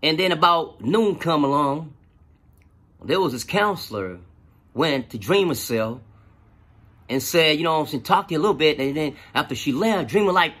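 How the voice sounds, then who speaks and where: A man tells a story from his own life, swearing freely and getting animated. His voice sits a little high, with a bright, husky timbre. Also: normal speed. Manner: profane, animated, lots of fillers. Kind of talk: casual personal storytelling.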